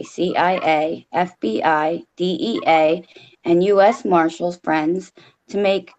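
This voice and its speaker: A woman's voice: lowish voice, darkish tone, muffled recording. Blunt woman reading a story aloud. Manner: casual, blunt, swears freely. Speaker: co-host storyteller.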